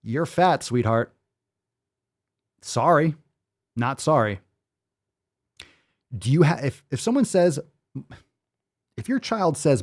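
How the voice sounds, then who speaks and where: A man's voice: fairly high pitch, very animated, takes it slowly, pauses often. A man hosting a fitness show, ranting with sarcastic, profane disbelief in live-stream commentary. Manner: sarcastic, profane, incredulous rants.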